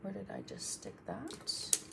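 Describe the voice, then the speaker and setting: A woman's voice: medium pitch, wildly swooping pitch, unhurried, vocal fry, very noisy. A woman art instructor chatting through a live painting tutorial, thinking aloud as she works and thanking viewers for their comments.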